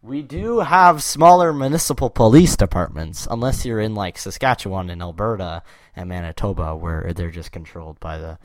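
A young man with a very deep voice chats on his podcast, drifting off topic and laughing at his own jokes. The sound is dry and close, with no room around it. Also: animated, normal speed, no echo. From Canada. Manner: rambling, jokey, laughs often. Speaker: podcast host. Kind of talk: casual podcast chat.

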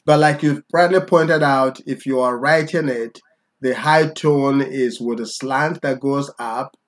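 A man teaching in a relaxed, chatty lesson. He is patient and keeps checking in with a quick okay? after each point. His voice is mid-pitched and the mic sits a little way off. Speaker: language teacher. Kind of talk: conversational language lesson.

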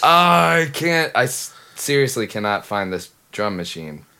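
A man's voice: medium pitch, very animated, a little slow, creaky, pushed and bright, smooth. A man co-hosting a podcast in casual chat, rambling and trailing off between jokes. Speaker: podcast co-host.

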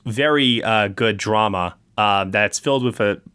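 A man's voice: fairly low pitch, a little slow, bright, forceful tone, clean tone. A young man hosting a podcast, chatting casually and enthusiastically about films and laughing often. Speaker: podcast host. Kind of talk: casual chat.

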